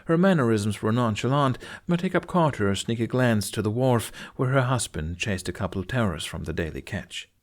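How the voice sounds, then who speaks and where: Male audiobook reader, animated and expressive, mid pitch. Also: moderate pace, hardly any pauses. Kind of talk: storybook narration.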